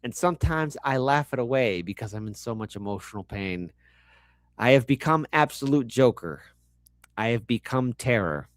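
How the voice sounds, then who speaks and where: Animated sarcastic commentary host, dry close mic. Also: male voice, medium pitch, moderate pace, no echo. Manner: animated, sarcastic, swearing, many fillers. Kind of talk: reaction commentary.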